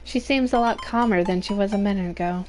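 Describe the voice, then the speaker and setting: A woman's voice: mid-range voice, fast talker, a little mellow. A young woman reading a visual novel aloud, with chatty asides and giggles, over game music. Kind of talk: narrating a game playthrough.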